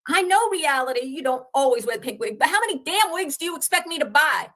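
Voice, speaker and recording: High, bright woman ranting scornfully. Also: expressive, quick pace. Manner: scornful, sarcastic, addresses rivals directly; swears casually. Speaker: drama commentary host. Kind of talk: ranting livestream commentary.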